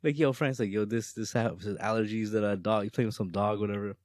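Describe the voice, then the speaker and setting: A man's voice: on the low side, fast talker, no room sound, clean studio sound. A young man co-hosting a podcast in casual chat, telling stories with lots of laughter. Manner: laughs often, animated storyteller. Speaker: podcast co-host.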